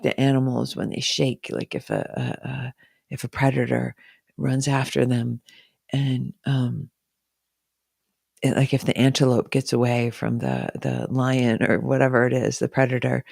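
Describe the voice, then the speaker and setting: A woman's voice: a bass voice, fairly even intonation, moderate pace, vocal fry, a little mellow, no room sound, clean studio sound. A woman talking casually and emotionally on a live stream from home, swearing freely and speaking openly.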